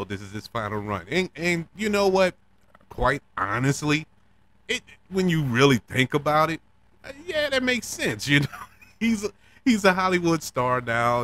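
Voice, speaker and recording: A man hosting a podcast, talking casually and emotionally about wrestling, laughing now and then. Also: medium pitch. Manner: animated, emotional, laughs between words. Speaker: podcast host. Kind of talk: casual wrestling recap monologue.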